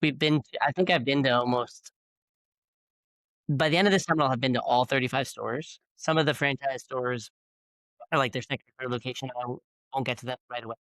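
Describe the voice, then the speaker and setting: A man's voice: mid-range voice, brisk, a bit bright, no echo, rough recording. A man in his forties, a bagel shop founder, telling stories to business students in a casual, rambling way with many fillers. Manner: chatty, many fillers and restarts. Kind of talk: casual storytelling talk. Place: university classroom.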